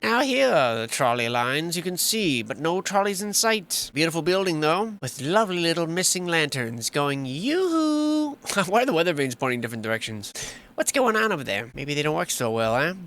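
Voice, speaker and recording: A man's voice: fairly high pitch, very animated, a little fast, fairly bright tone. A man giving casual, wry, rambling commentary over old photos, often playfully sarcastic. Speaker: history vlogger.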